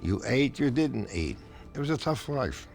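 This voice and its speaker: Lively-pitched man recalling hard times. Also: gravelly, soft background music. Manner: reflective, frequent "uh" pauses, emphatic lists. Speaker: interviewee recalling the comics industry. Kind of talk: documentary interview.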